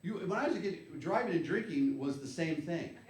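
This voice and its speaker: A man in his fifties from the United States doing a stand-up comedy set, telling rambling, wry stories and shouting his punchlines. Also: a little high, animated, brisk. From USA. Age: 50s. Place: comedy club stage. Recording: echoey live club, clear background noise.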